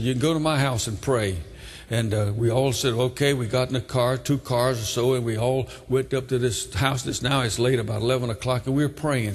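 Fervent preacher man, husky voice. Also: medium pitch, big-room sound. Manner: fervent, exclaims hallelujah between lines. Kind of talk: sermon testimony storytelling.

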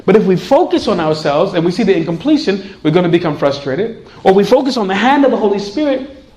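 A man preaching a sermon in an animated way, laughing often and acting out voices in his examples. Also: high voice, fast.

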